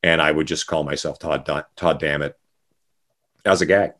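A man's voice: very deep voice, steady tone, moderate pace, fairly bright tone. A middle-aged man from Canada, a musician chatting casually as an interview guest, rambling with many fillers and restarts.

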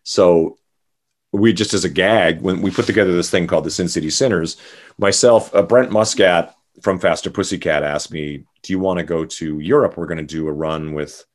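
A man's voice: deep voice, normal speed. A middle-aged man from Canada, a musician chatting casually as an interview guest, rambling with many fillers and restarts.

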